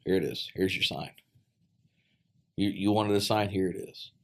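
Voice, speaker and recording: A man with a fairly low voice tells a personal story in relaxed podcast conversation. He speaks earnestly and haltingly, restarting phrases and filling pauses with ums. His voice often drops soft and quiet.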